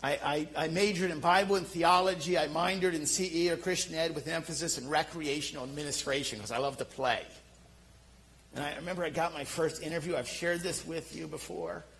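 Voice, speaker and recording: A middle-aged man with a Philadelphia accent preaching a sermon, telling self-deprecating stories in an animated way. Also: on the high side, a little fast, vocal fry, low-quality recording. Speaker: pastor.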